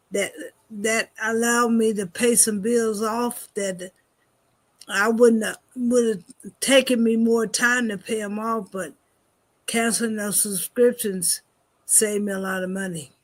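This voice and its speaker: A woman chatting casually after a church talk, halting and filling pauses with "uh" and little chuckles. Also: mid-range voice, fairly even intonation. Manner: slow and halting, with many "uh" fillers and chuckles. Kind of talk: casual chat.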